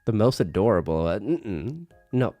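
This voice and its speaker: A man's voice: fairly low pitch, big pitch swings, warm tone, no echo, faint music behind. Chatty young man with congested nose. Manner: laughs often, mixes in halting Japanese. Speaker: streamer. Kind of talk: casual live-stream chat.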